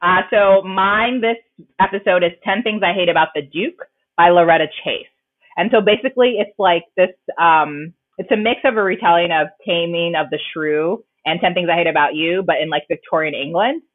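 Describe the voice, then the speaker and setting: A woman co-hosts a casual podcast chat, rambling warmly through her points with plenty of "like" and quick laughs. Her voice comes through thin and narrow, as if over a phone line. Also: fairly low pitch, no echo. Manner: chatty, lots of "like", laughs often. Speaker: podcast co-host.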